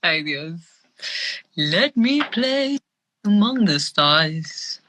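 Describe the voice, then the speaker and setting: A woman chats as a livestream guest, laughing easily. Her voice is very bright and lively in pitch. She speaks slowly and unhurriedly. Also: slight background noise. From Mexico. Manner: giggly, laughs often. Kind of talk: casual livestream chat.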